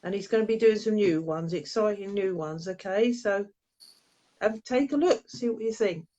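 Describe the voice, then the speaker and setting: A woman's voice: medium pitch, normal speed, mellow, muffled recording. A woman hosting a casual live video as a medium, chatting, laughing and reading out viewers' comments. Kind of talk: casual live-stream chat.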